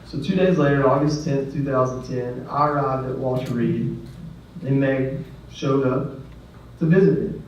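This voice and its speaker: A man speaks to a gathered audience in a plain, mid-pitched voice, earnest and conversational, with a few self-deprecating asides. His voice is caught from a distance in a very echoey hall, and the sound is dull, with faint noise behind it. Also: measured pace, darkish tone. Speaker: guest speaker. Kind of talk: personal story speech. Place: ceremony venue.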